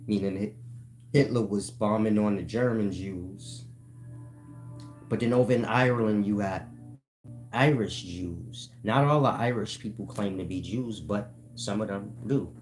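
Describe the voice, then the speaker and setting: A man's voice: fairly low pitch, a little slow, darkish tone, faint music behind. A man hosting his own channel, talking in a casual, profane monologue and checking in with listeners as he explains. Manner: profane, keeps asking "you get my point?"; addresses listeners as "y'all". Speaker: channel host.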